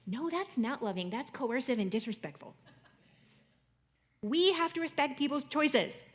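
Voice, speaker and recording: A young adult woman speaking to an audience in a conversational, jokey way, swinging between loud and soft. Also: sits high, animated, a little slow. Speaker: speaker giving a talk.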